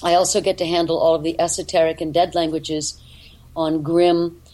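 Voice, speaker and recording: A woman voice actor and dialect coach, talking in an interview in an articulate, deliberate way. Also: low voice, level tone, mellow, poor audio. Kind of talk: interview talk.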